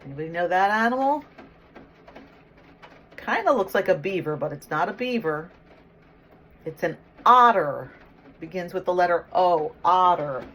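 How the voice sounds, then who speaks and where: A middle-aged woman reads a picture book to little children, her low voice swinging widely up and down as she asks questions and cheers their answers. A faint hiss sits under the recording. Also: expressive, normal speed, long pauses, fairly bright tone. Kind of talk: read-aloud storytime with questions.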